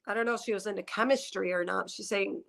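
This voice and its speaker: A woman's voice: mid-range voice, steady tone, fast, gravelly. A woman doing a psychic reading on a headset mic, emotional and tearful as she rambles through her impressions. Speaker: psychic reader. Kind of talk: spiritual reading session.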